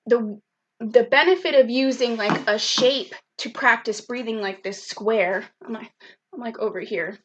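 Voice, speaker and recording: Woman, fairly high voice, upbeat chatty workshop leader, video call. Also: a little slow, fairly bright tone, a little hiss or hum. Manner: upbeat, chatty, answers chat comments by name. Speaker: program specialist leading a virtual youth workshop. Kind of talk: live online workshop, reading out chat replies.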